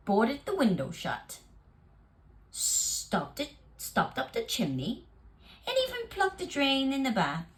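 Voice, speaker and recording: A woman reading a children's picture book aloud, very expressive and lingering on phrases. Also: medium pitch. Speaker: storyteller.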